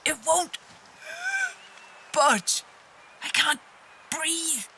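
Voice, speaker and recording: A woman's voice: a little high, slow pace, pushed and bright, slight background noise. An actress voicing a terrified woman in a game, gasping and out of breath as she pleads to be left alone. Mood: choking. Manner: frantic, choking and fearful.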